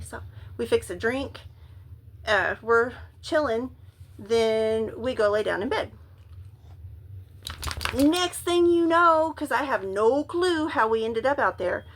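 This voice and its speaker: A woman telling a wild personal story in a casual monologue, animated and full of swearing. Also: a little high, breathy edge. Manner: animated, profane, acts out quotes loudly.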